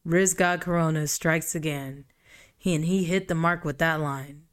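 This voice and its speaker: A woman's voice: deep voice, fairly even intonation, normal speed. A young woman hosting a podcast, reading a book aloud and mocking it with profane, exasperated, sarcastic commentary. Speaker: podcast host.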